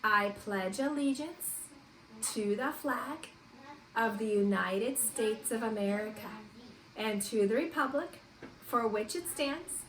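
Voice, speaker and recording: A woman teacher leading a distance-learning morning meeting for young children, in a slow, sing-song, encouraging voice. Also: high voice, bright, forceful tone. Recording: echoey room with faint hiss.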